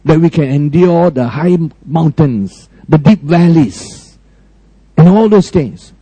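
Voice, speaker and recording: A man preaching a sermon emphatically, often questioning his listeners and swinging between high, raised lines and low, quiet ones. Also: lively intonation, takes it slowly, breathy edge, dry recording, low-quality recording. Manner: frequent direct questions to the congregation.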